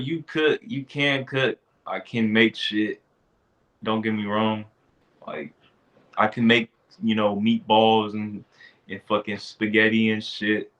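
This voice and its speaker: A man's voice: fairly low pitch, bright, forceful tone. A young man co-hosting a podcast in casual chat, swearing and trailing off into mumbles, on a call. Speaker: podcast co-host.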